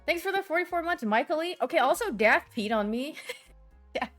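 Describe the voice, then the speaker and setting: Young woman, streamer, high bright pitch, swooping lively intonation, giggly rambling chat, soft music underneath. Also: a little fast. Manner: bubbly rambling storyteller, laughs often. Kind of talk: casual livestream chat, answering viewers.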